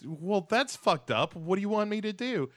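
A man lightly acting a flustered, exasperated middle-aged businessman father in quick protests. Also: high-pitched, lively intonation, voice pushed up.

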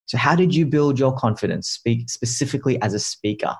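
A man's voice: mid-range voice, fairly quick, slightly rough. A man hosting an interview, who asks long, winding questions with restarts. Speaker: podcast host.

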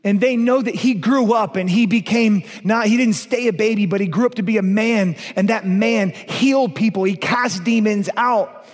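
Emphatic pastor preaching in a reverberant hall. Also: male voice, high voice, normal speed. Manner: emphatic, rhetorical questions, shifts between loud and hushed. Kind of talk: sermon. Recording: long reverb of a large hall.

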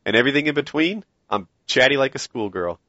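A man co-hosting a casual podcast chat, easygoing and quick to laugh. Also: medium pitch, lively intonation, bright, forceful tone, no echo, highs cut off. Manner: laughs often, chatty and easygoing. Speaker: podcast co-host.

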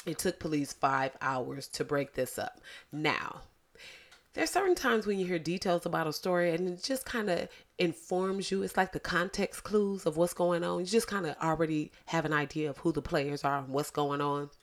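A woman with a lisp hosting a podcast, talking in an animated, blunt and profane way straight to her listeners. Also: low voice, moderate pace. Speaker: podcast host. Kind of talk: casual podcast commentary.

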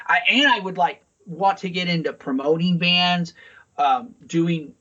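A man's voice: high-pitched, a little slow, bright, forceful tone, slightly rough, lo-fi sound. A man co-hosting a podcast in casual chat, talking in a rambling, profane way. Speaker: podcast co-host. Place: Saint Louis.

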